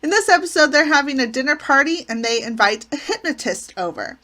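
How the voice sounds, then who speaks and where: A woman's voice: sits high, expressive, brisk, sharp tone. A woman hosting her channel, recapping sitcom episodes in an enthusiastic, gushing way. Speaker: channel host reviewing a classic sitcom.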